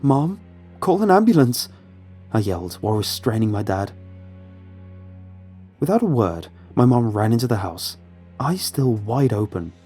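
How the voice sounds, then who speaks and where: A man narrating a horror story in a measured, suspenseful way. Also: lowish voice, expressive, mellow, breathy edge. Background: faint music.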